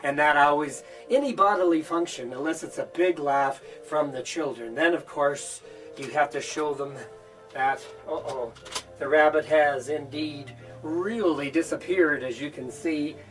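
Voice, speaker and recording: A playful, animated man teaches how to perform a children's magic routine, acting it out as he goes. He fills the demonstration with mock-surprised cries, as if an audience of kids were watching. He sounds a little set back from the mic, with faint music underneath. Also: a little high, unhurried, recorded from a distance.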